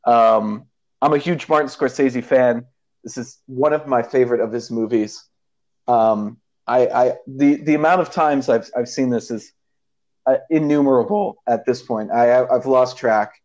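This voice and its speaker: A man's voice: mid-range voice, moderate pace, a little mellow, highs cut off. A man co-hosting a casual podcast about a movie, rambling with many fillers and restarts. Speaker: podcast co-host.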